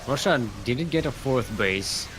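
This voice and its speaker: A man's voice: medium pitch, expressive, a little slow, background noise. A man with an Australian accent giving live, joking commentary on a strategy game as a caster. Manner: joking, rambling, laughs often. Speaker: esports caster.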